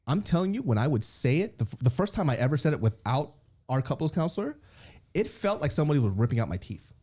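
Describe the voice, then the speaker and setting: A man's voice: fairly high pitch, fast. A man in his thirties, a comedian being interviewed, telling candid stories with lots of laughing, swearing and acted-out quotes. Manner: animated storyteller, swears freely, laughs often, acts out quotes. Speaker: guest comedian.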